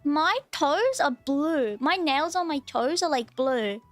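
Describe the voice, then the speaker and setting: High-voiced Australian woman streamer. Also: lively intonation, takes it slowly, no room sound. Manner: chatty, rambling, repeats herself. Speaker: VTuber streamer. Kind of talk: casual live-stream chat.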